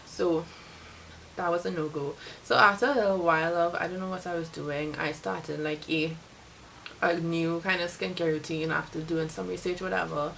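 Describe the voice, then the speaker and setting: A woman's voice: on the low side, fairly even intonation, normal speed, creaky, a bit bright, a little hiss or hum, rough recording. A young Trinidadian woman vlogging casually to camera, rambling with lots of filler words. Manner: chatty, rambling, many "like" fillers. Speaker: beauty vlogger.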